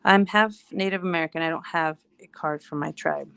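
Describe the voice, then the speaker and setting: A woman's voice: low voice, brisk, gravelly, hardly any pauses, fairly bright tone, smooth. A woman in her thirties hosting a casual livestream chat while crafting, rambling and laughing through her stories. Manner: chatty, laughing, loose storytelling. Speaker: livestream host.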